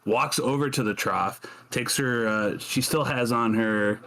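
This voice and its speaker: A man playing in a tabletop game, telling what his character does in an animated way. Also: medium pitch, unhurried. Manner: animated storytelling. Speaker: player. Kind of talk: narrating his character's actions.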